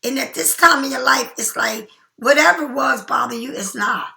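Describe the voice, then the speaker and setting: A middle-aged woman giving a casual tarot reading, chatty and emphatic, sometimes slowing into soft whispers. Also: high voice, vocal fry. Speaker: tarot card reader.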